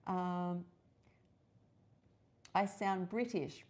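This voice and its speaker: A woman's voice: lowish voice, fairly even intonation, drawn-out words, a little mellow. An Australian woman hosting a casual live-stream chat, rambling and chatty with many fillers and restarts. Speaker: host of a live wellness session.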